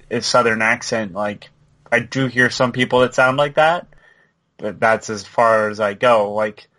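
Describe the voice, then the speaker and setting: A man co-hosting a podcast in a relaxed, talkative way, with a voice of ordinary pitch. He jumps in quickly and keeps adding little asides. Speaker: podcast co-host. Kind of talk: casual chat about a video game.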